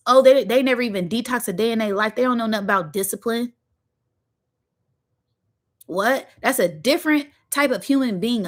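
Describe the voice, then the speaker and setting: Emphatic woman giving spiritual pep talk. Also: fairly high pitch. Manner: preachy, emphatic, repeats phrases, slangy. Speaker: spiritual channel host. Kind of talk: motivational spiritual monologue.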